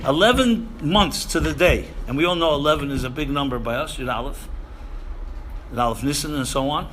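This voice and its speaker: Emphatic bright-voiced man lecturing. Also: on the high side, brisk, slight background noise. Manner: emphatic, repeats phrases, Yiddish and Hebrew terms. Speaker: rabbi lecturing seminary students. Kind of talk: sermon-style lecture.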